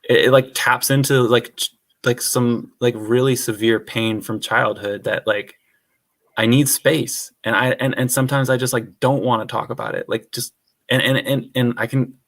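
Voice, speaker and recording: A man's voice: medium pitch, steady tone, normal speed, a bit bright. A man speaking as a podcast guest, rambling openly about his feelings, full of "like" and casual swearing. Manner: rambling, heavy use of "like", frank and swears casually. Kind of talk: casual conversational podcast chat.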